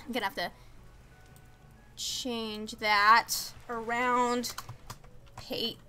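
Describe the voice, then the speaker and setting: High, bright-voiced gushing young woman streamer. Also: extremely slow, soft background music. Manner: gushing and stammering, excitable. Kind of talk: casual live-stream chat.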